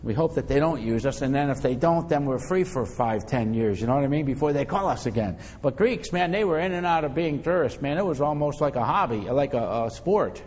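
A man's voice: medium pitch, expressive, fairly quick, few pauses, a little mellow, a little hiss or hum. Male pastor, mid-range voice, casual sermon delivery with frequent restarts, recorded with long hall reverb. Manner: conversational, repeats words while finding phrasing.

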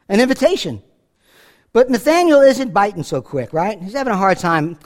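A man's voice: high-pitched, very animated, brisk. A middle-aged man from New York preaching a conversational Bible-teaching sermon, acting out the scripture dialogue. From New York, USA. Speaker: pastor.

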